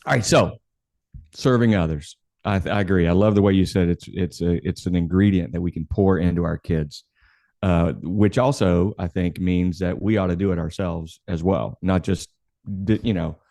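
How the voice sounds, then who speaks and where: A man's voice: sits low, normal speed, mellow, no echo, clean studio sound. A man co-hosting a faith-based podcast who speaks in a thoughtful, easygoing way and quotes scripture. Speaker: podcast co-host. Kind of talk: casual podcast chat.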